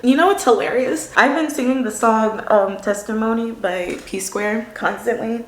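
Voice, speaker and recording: A woman's voice: fairly high pitch, moderate pace, few pauses, a little hiss or hum. Earnest chatty woman, roomy sound. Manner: chatty, earnest, emotional, laughs easily, says "like" a lot. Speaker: manifestation coach. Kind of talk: casual personal vlog talk. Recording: roomy echo.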